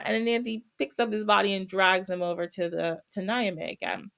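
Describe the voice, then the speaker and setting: A woman's voice: mid-range voice, a little fast, vocal fry, few pauses. Woman on a podcast retelling a folk story, bouncy, does little voices for everyone. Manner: animated, acts out characters with little voices and laughs. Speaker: podcast guest. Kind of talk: casual storytelling.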